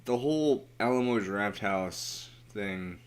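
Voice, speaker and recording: A man's voice: fairly low pitch, animated, slow pace, smooth. A tired man casually commenting while he streams a game, rambling in mumbled asides to himself.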